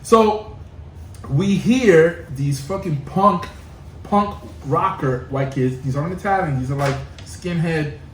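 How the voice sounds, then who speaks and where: A man's voice: on the high side, slow, slight background noise. A man from Brooklyn telling a profane story in casual podcast chat, acting out the other characters' lines. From Brooklyn, New York. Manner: animated, profane, acts out voices while telling stories. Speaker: podcast co-host. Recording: echoey room, mic at a distance.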